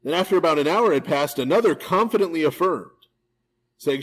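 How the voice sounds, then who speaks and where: Casual priest teaching a live Bible class. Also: male voice, on the high side, moderate pace, pauses often, low-quality recording. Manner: casual, animated retelling with asides and "right?". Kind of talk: live verse-by-verse Bible study. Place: church hall, recorded live.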